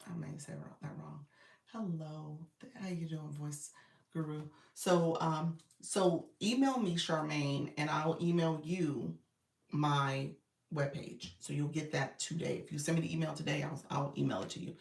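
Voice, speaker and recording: A woman's voice: low voice, a little slow, creaky, a little mellow. A woman coach chatting casually on a live stream, loose and talkative with lots of fillers. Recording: roomy, distant phone audio.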